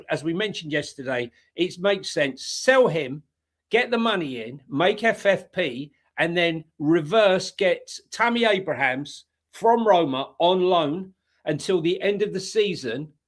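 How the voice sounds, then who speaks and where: A man co-hosting a football podcast, chatting casually with rambling, laughing banter. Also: a little high. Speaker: podcast co-host.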